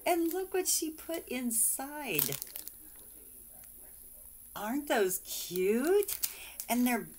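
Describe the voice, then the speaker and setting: A woman's voice: sits high, sing-song, very slow, long pauses, a little mellow, a little hiss or hum. A woman vlogger chatting casually and gushing over cards and mail sent by friends, exclaiming and giggling often.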